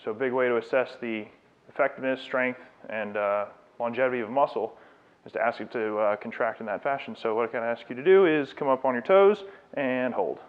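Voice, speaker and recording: A man's voice: medium pitch, brisk. A man who is a fitness trainer, giving a live demonstration lecture and coaching a client through exercises. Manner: coaching instructions, encouraging and explanatory. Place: fitness studio. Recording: tinny phone-like sound.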